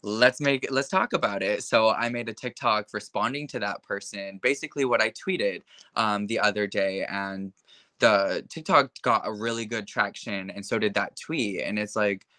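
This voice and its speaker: Bright-toned young man chatting frankly. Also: fairly low pitch, normal speed, no echo. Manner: frank, chatty, many fillers like "like" and "you know". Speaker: interview guest. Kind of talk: casual conversation.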